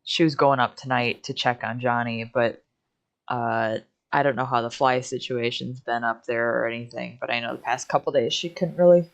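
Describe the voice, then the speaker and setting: A woman's voice: a bass voice, moderate pace, dull audio. A young woman chatting casually while playing a game, laughing often and yawning from lack of sleep. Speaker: streamer co-host. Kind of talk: casual chat while gaming.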